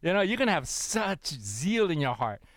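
A middle-aged man preaching a sermon, animated and repetitive, often calling for responses from the congregation. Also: on the high side, moderate pace, dry recording, studio quality.

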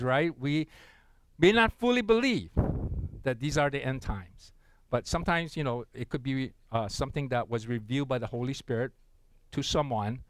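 A man's voice: medium pitch, no room sound, poor audio. A man preaching a sermon in a conversational way. He often checks in with the congregation and laughs at his own stories. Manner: tells a joke with acted voices. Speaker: pastor.

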